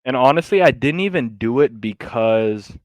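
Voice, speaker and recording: Male podcast co-host, animated storyteller, casual and profane, dry close mic. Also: medium pitch, normal speed, dry recording. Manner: animated storytelling, acts out quotes, swears freely. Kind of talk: casual chat.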